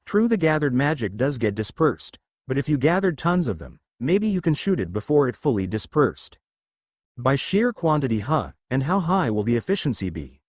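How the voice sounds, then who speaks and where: A young man narrating a fan fiction story in a plain, steady way. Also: mid-range voice, moderate pace, no room sound.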